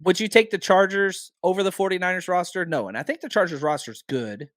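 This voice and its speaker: A man hosting a casual sports podcast, animated and firing off rhetorical questions, a bit hoarse from talking a lot. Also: high-pitched, quick pace, no room sound, studio quality. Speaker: podcast host.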